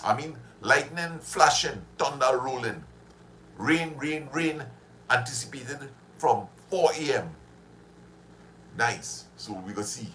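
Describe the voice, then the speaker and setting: A man's voice: medium pitch, lively intonation, takes it slowly, bright, forceful tone, a little hiss or hum. Chatty man hosting a stream. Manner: chatty and reminiscing, laughs often. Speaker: livestream host. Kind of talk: casual livestream chat with viewers.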